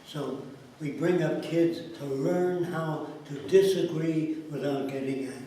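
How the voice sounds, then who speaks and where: A man's voice: on the high side, a little slow, mellow, slight background noise. A man explaining ideas through anecdotes, acting out the voices of the people in his stories. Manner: storytelling, acts out quoted dialogue. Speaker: interviewee. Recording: echoey room, distant mic, faint ambience.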